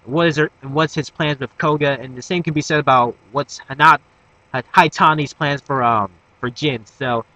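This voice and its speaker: A young man giving a casual episode recap, rambling with fillers and restarts, swearing, and breaking into excitable bursts. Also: a little high, normal speed, poor audio. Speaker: anime reviewer.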